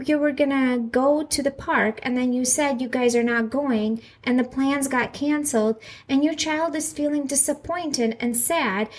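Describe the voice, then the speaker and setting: In a solo parenting podcast, a mother in her thirties speaks in a slightly high voice. Earnest and reassuring, she hosts the show and frequently turns to the listener with questions.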